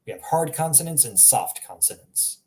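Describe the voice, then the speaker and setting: A man giving a casual spoken language lesson, explaining sounds with self-aware humor and repeating them slowly to demonstrate. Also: on the high side, expressive, a little mellow. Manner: chatty, self-aware explaining with little laughs. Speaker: language teacher.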